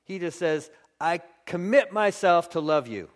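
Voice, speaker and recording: A man's voice: sits high, animated, measured pace. A man preaching a sermon in church. He reads scripture and acts out little scenes in funny voices to make his point. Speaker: pastor.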